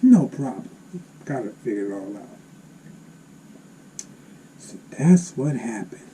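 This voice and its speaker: A man reading Bible verses aloud and explaining them in an animated, exclaiming way. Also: fairly low pitch, takes it slowly, slight background noise, low-quality recording. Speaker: Bible teacher.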